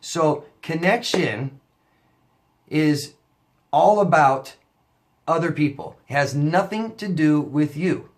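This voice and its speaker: A man's voice: on the high side, expressive, takes it slowly, long pauses. A man, a relationship coach, talking casually to camera, telling a story with lots of fillers and restarts before turning to advice.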